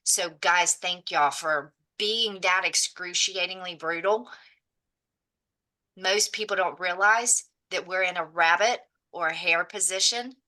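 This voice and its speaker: Woman, fervent motivational talk on a video call, bright sharp tone, blunt and profane. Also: lowish voice. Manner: preachy, blunt, swears freely. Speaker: real estate agent in a mastermind group. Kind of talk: impassioned motivational speech.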